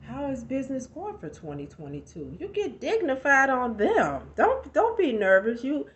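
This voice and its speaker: A woman's voice: high-pitched, huge pitch swings, moderate pace, lo-fi sound. Emphatic woman giving a pep talk. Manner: emphatic, conversational, rhetorical questions. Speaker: motivational speaker. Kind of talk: motivational talk to camera.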